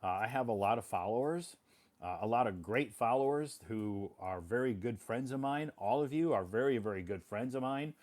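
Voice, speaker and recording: A man's voice: lowish voice, darkish tone. A man explaining things to English learners in a casual spoken monologue, plain and repetitive, often apologizing.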